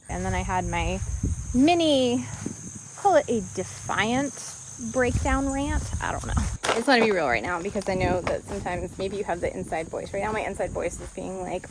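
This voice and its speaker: A woman's voice: medium pitch, animated, fairly quick, noisy background. A woman vlogging outdoors on her homestead, talking candidly and with animation to the camera, laughing often. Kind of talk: casual talk to camera.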